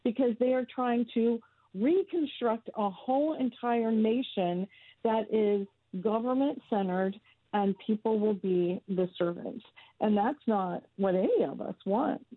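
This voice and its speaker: A woman in her fifties with a mid-range voice, a founder appearing as a guest, speaks earnestly and emphatically in an interview about advocacy. The line is tinny and phone-like, and dry with no room sound.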